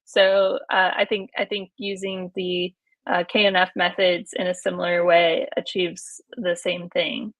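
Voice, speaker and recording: A woman's voice: fairly low pitch, flat delivery, measured pace, dry recording, low-quality recording. Thoughtful woman guest, dry close sound. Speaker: podcast guest. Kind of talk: casual podcast chat.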